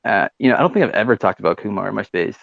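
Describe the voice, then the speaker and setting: A man hosts a live audio chat room, rambling quickly and swearing freely. His voice is gravelly. The recording is dry and lo-fi. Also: on the low side, expressive, no echo. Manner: rambling, swears, many fillers like "you know" and "right". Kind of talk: casual chat.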